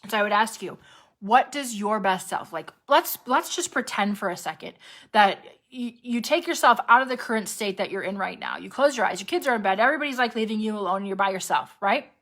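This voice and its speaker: A woman health coach giving a casual, animated motivational talk, full of "right?" and "like", acting out panicky inner voices with sudden jumps in pitch. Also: fairly quick.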